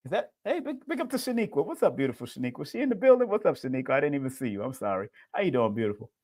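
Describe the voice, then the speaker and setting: A man's voice: medium pitch, sing-song, very fast, darkish tone. A middle-aged man hosting a livestream, giving an emotional, preachy spiritual talk and calling his viewers family. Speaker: livestream host.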